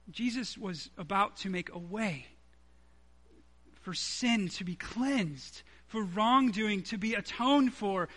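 Bright, high-voiced male preacher. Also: slow pace. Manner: earnest, conversational preaching with emphatic stresses. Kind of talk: sermon.

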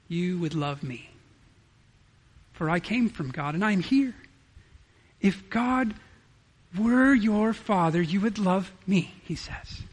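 A pastor with a high, light voice delivers an earnest expository sermon. He reads scripture aloud and keeps pressing his listeners with rhetorical questions.

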